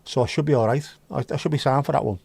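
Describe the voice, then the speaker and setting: Rapid-fire and husky, with vocal fry and a darkish tone, a man at medium pitch hosts a casual livestream with no echo. He reads chat aloud and banters with viewers, joking and swearing freely.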